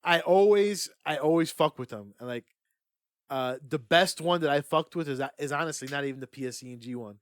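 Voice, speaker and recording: A young man co-hosting a podcast, telling stories in an excitable, swearing, casual way. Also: on the high side, fairly quick, dry recording, studio quality. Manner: excitable, swears a lot, laughs through punchlines. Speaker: podcast co-host. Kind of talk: casual chat, animated storytelling.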